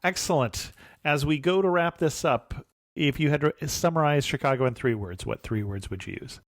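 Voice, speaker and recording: A man hosting a travel podcast interview, relaxed and chatty, often chuckling and giving short affirmations. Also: fairly high pitch, moderate pace, no room sound, clean studio sound. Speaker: podcast host. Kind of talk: conversational interview.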